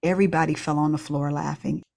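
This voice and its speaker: A woman's voice: sits low, fairly even intonation, fast, creaky, darkish tone. A middle-aged woman, a pediatrician, candidly telling a personal story with laughs and restarts. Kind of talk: reflective storytelling.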